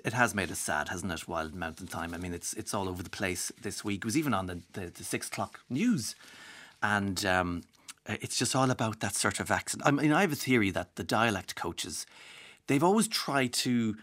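A man's voice: lowish voice, a bit bright. A man from Ireland hosting a radio show, chatting wryly and slipping into mock accents now and then. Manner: chatty, wry, mimics accents. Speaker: radio host. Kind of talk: casual radio chat.

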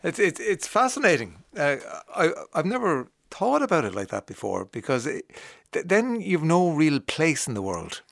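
Radio host guy, brief encouraging interjections, very animated pitch. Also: moderate pace, creaky, hardly any pauses, dry recording. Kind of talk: casual radio interview chat.

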